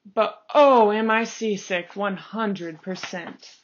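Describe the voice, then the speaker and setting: A woman voicing a faithful, patient male elephant in a storybook, in an earnest, steady way. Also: mid-range voice, slow, slight background noise, natural voice. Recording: dull lo-fi recording.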